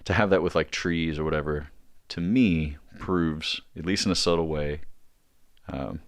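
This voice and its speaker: A man's voice: very deep voice, unhurried, no echo, clean studio sound. A man talking as a podcast guest in casual chat, rambling with many fillers and restarts.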